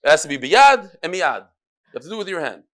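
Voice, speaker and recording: A high, bright-voiced man leads a daily Talmud class. He reads the text out at speed and breaks off into playful, joking asides to his listeners. His delivery stays animated and conversational throughout. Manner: lively, joking asides mixed with fast Talmud reading. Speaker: Talmud teacher.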